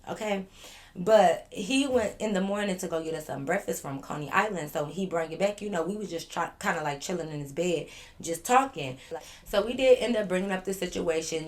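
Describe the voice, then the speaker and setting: Chatty woman with a lowish voice. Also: a little fast. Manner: chatty, addresses viewers directly, lively asides. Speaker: vlogger. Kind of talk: casual storytime to viewers. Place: living room at home.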